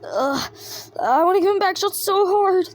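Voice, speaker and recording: A woman's voice: very high-pitched, lively intonation, moderate pace. A young woman making joking, giggly asides while voicing over a fan video. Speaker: fan dubber.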